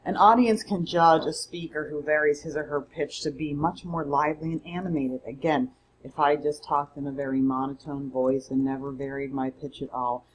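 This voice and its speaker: A woman's voice: low-pitched, fairly even intonation, moderate pace, a little hiss or hum, low-quality recording. A woman instructor giving a conversational, emphatic recorded mini-lecture from home. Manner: conversational, emphatic, self-correcting. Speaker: college public speaking instructor.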